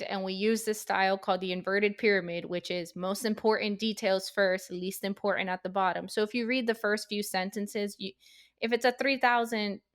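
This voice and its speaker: A woman journalist co-hosting a podcast, breezy and teasing, explaining news habits. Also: mid-range voice. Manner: breezy and teasing, laughs between points. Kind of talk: casual chat.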